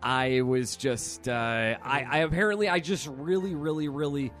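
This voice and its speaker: A man's voice: on the high side, moderate pace, fairly bright tone. A man co-hosts a casual podcast and jokes at his own expense, laughing now and then. Faint piano music plays in the background. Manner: self-mocking, laughing. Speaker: podcast co-host. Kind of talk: casual banter.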